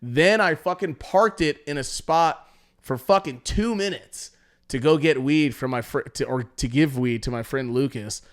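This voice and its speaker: A man's voice: fairly high pitch, a little slow. Rambling, profane young man telling stories. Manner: rambling, profane, restarts often, acts out quotes. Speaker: podcast host. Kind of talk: casual storytelling chat.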